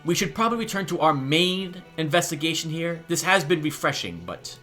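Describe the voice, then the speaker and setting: Man voicing a dry lieutenant, deadpan, steady, slightly high voice. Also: fairly quick, faint music behind. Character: dry, composed male police lieutenant.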